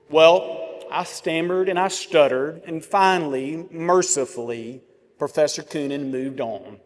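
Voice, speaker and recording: Guy giving a graduation speech, slow and deliberate, big pauses, echoey venue. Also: fairly high pitch. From Georgia, US. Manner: measured oratory with dramatic pauses and vivid storytelling. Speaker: commencement speaker. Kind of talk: commencement address. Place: large ceremony venue. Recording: long reverb of a large venue.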